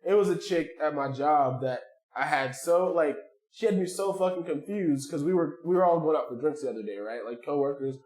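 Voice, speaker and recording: A man's voice: fairly high pitch, brisk, darkish tone. A man telling a bar story in casual podcast chat, swearing and mimicking his coworkers. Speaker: podcast co-host. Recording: echoey room.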